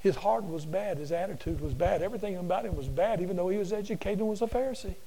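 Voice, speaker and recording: A man preaching a sermon to a class in a folksy, animated storytelling way, often repeating himself. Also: sits high, quick pace, poor audio. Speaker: preacher and teacher.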